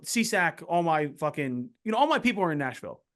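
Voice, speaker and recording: Man, high voice, very lively, excitable host, swears a lot, casual chat. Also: fairly quick. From Philadelphia area. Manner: excitable, swears freely, jumps in often. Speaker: podcast host.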